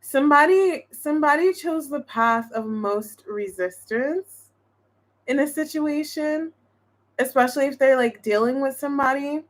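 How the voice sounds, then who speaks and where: Chatty woman tarot reader, higher-pitched, rambling casual delivery. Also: a little slow. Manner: chatty, thinks aloud, many restarts and fillers. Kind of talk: casual tarot reading to viewers.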